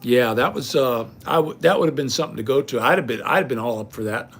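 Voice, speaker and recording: A man's voice: medium pitch, fast, fairly bright tone, husky. An older man hosting a livestream, ranting indignantly and rambling straight at his viewers. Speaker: livestream host. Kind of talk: casual rant to viewers.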